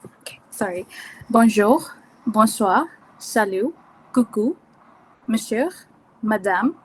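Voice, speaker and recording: A woman's voice: mid-range voice, expressive, slow, slight background noise, rough recording. A woman student on a video call, asking hesitant questions with many fillers.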